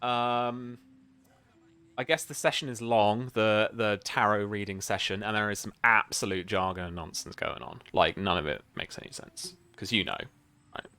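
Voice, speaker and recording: A man's voice: fairly low pitch, moderate pace, bright, forceful tone, smooth. A man as game master of a tabletop game, rambling with many fillers and restarts. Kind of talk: narrating a tabletop game on a stream.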